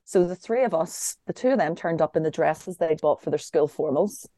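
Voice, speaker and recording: A woman's voice: deep voice, a little fast, dry recording, studio quality. A young woman co-hosting a casual chat, telling a funny story and laughing through it. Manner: lively storyteller, laughing through her own tale. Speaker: podcast co-host.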